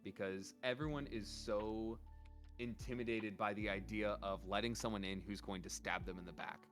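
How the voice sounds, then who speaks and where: A man's voice: on the low side, fairly even intonation, normal speed, faint music behind. A man who is a guest on a casual interview, giving earnest advice in a loose, rambling way with many fillers. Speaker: guest, VTuber.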